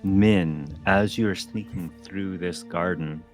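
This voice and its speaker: A man narrating as game master of a tabletop role-playing game, relaxed and hesitant with fillers. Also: sits low, takes it slowly. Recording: faint music behind.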